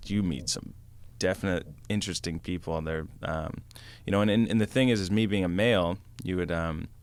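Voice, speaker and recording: Low-voiced man telling road stories. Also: brisk, clean tone. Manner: rambling, lots of fillers and acted quotes. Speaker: podcast guest. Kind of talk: casual storytelling.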